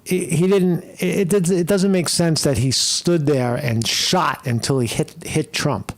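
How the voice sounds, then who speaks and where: Unhurried and a little high-pitched, this live-stream commentator swears as he wanders from point to point, reading viewers' questions aloud and constantly tacking on "right?"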